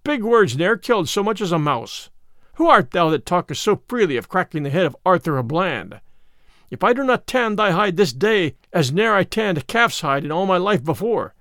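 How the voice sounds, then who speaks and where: A man's voice: sits high, very animated, normal speed, a bit bright, dry recording, studio quality, full character voice. A man voicing a fearless, hot-tempered craftsman who answers threats with scorn. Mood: furious. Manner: defiant, scornful, old-fashioned speech.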